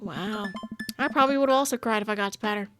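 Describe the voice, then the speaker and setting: A woman voicing a goofy, doting father in a game, earnest and gently fussing. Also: mid-range voice, fast talker, faint music behind, lightly acted. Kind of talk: reading game dialogue aloud.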